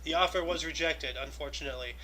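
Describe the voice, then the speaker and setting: A man's voice: a little high, quick pace, sharp tone, slight background noise, rough recording. A man co-hosting a casual chat, reading out history events and rambling loosely with lots of filler phrases. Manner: rambling, loose, many "you know"s. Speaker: co-host.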